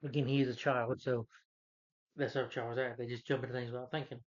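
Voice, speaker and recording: A man's voice: mid-range voice, flat delivery, a little fast. Rambling man reviewing a movie. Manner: rambling, loose, with many fillers and restarts. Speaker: film reviewer. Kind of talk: casual spoken movie review. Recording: dull lo-fi recording.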